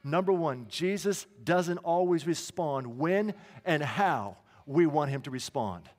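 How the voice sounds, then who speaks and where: A man's voice: a little high, lively intonation, takes it slowly. A man preaching a sermon in a conversational way, with asides and restarts, in a church. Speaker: pastor. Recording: long reverb of a hall.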